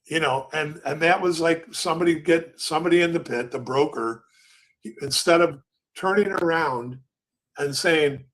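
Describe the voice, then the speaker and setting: A man's voice: a little high, steady tone, normal speed, a bit bright. An older man hosting a trading show, telling loose, rambling stories and acting out the quotes of floor traders. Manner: rambling, acts out pit quotes. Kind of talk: casual storytelling.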